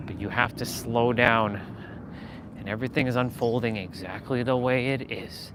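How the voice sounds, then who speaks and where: A man's voice: medium pitch, fairly even intonation, normal speed. Motivational vlogger, male, talking emphatically while walking outdoors, faint street noise. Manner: earnest, emphatic, repeats phrases.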